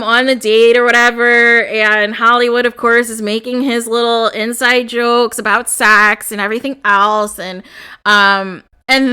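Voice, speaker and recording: A young woman giving casual, animated reaction commentary on a reality show, exclaiming and laughing as she talks. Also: fairly high pitch, smooth.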